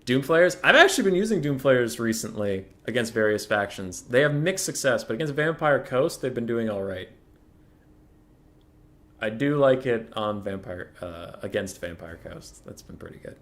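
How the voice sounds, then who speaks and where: A man's voice: fairly low pitch, expressive, moderate pace. A young man streaming a competitive strategy game, chatting casually about matchups and breaking into mock-furious rants. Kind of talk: casual live-stream commentary.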